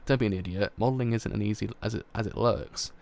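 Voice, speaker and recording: A man's voice: fairly low pitch, fast, vocal fry, a little mellow. A man reading a comic aloud, voicing a guarded teenage American gang leader who talks bluntly and dryly.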